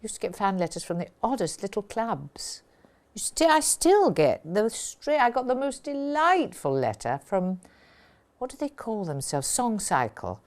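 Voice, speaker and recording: A woman giving a documentary interview, reminiscing fondly. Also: medium pitch. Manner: fond, reminiscing.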